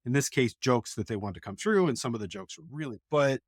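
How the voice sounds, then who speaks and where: A man's voice: mid-range voice, lively intonation, fairly quick, no echo, clean studio sound. A middle-aged man, an education professor, talking bluntly and candidly as an interview guest, telling stories from his classes. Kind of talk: casual conversational interview.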